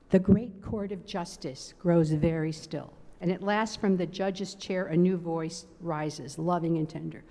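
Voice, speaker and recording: A woman giving a measured, expressive dramatic reading of a story, stressing its repetitions, in a large synagogue sanctuary. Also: lowish voice. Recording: long reverb of a large sanctuary.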